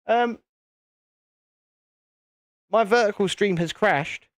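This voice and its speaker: A man's voice: sits high, slow, no room sound, studio quality. A British man hosting a live stream, chatting casually to viewers in a self-deprecating, easily flustered way. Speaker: channel host.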